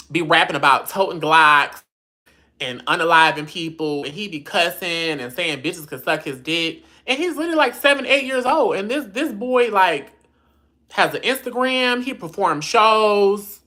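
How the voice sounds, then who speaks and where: A woman's voice: lowish voice, animated, measured pace, bright, forceful tone. A woman hosting a casual livestream, blunt, sassy and profane, reading viewer comments aloud and answering them. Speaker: livestream host.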